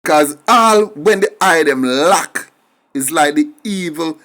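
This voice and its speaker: A man's voice: fairly high pitch, animated, slow pace, a bit bright. A middle-aged Jamaican man giving an emphatic, indignant opinion monologue and slipping between English and patois. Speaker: commentator.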